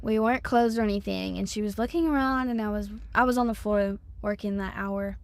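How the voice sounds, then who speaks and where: A woman's voice: mid-range voice, a little fast. A seventeen-year-old woman with a Texan accent, telling a story in a casual chat, full of "like" fillers. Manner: chatty, many "like" fillers, acts out quotes. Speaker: guest, store employee.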